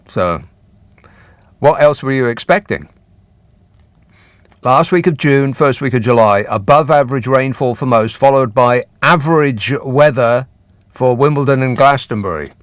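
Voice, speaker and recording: A man's voice: mid-range voice, dry recording. A man hosting a radio phone-in show, talking in a dry, sarcastic, teasing way. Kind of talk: late-night radio phone-in chat. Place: radio studio. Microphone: studio microphone.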